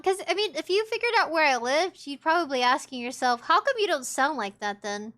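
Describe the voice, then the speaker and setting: A woman's voice: sits high, big pitch swings, fast talker, few pauses, bright, forceful tone. A young woman from the Southern United States, chatting casually on a live stream, rambling and reading chat aloud. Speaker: VTuber streamer.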